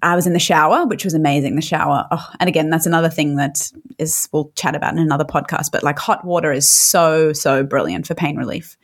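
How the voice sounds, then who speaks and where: A woman with a low-pitched voice tells her own story as a podcast guest. She talks candidly and emotionally, often stopping to restart her sentences. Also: steady tone, brisk, hardly any pauses. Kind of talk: personal storytelling.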